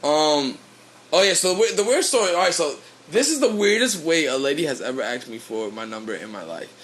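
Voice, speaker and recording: A man's voice: fairly high pitch, sing-song, brisk, a bit bright. A young man, a podcast co-host, telling a loose, rambling story in casual chat, swearing freely.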